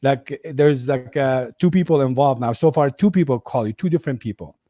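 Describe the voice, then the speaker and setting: A man's voice: medium pitch, a little fast, mellow, dry recording, studio quality. A man interviewing a scam victim, recapping her story carefully to clarify it. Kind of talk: interview questioning.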